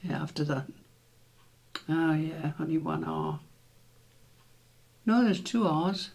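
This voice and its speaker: A man's voice: on the high side, takes it slowly, vocal fry, a little mellow, slightly rough. A man hosting a casual word quiz, musing aloud over the letters and spelling words out. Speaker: quiz host.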